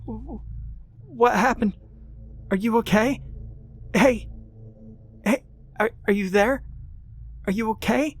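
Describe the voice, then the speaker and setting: A man voicing a panicked trapped woman, high and pleading. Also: slow pace, long pauses, husky, exaggerated voice. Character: terrified young woman trapped in a car.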